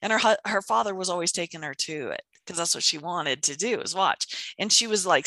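A woman's voice: fairly low pitch, fairly quick, hardly any pauses, no echo. A woman in casual conversation, telling stories animatedly and acting out quotes. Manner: animated, storytelling with acted-out quotes. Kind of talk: casual chat.

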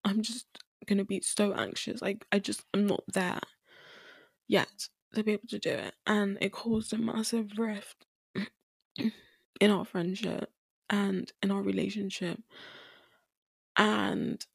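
A woman's voice: medium pitch, steady tone, measured pace, vocal fry, pauses often, breathy edge, no echo. Young female podcast host, earnest and teary, dry close sound. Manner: earnest, emotional, repeats herself for emphasis. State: tearful at times. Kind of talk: candid solo podcast talk.

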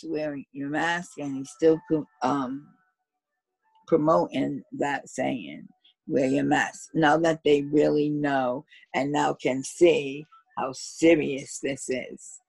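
A hoarse woman co-hosting a casual chat podcast, her voice low-set and gravelly with a husky edge. She talks slowly in halting bits, close and dry on the mic. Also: darkish tone, no echo, rough recording. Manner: slow, halting delivery with many pauses. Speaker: podcast co-host.

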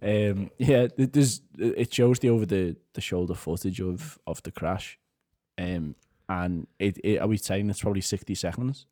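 A podcast co-host with a lowish male voice talks in loose, casual chat. He sounds chatty and animated and often breaks into laughter. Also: normal speed.

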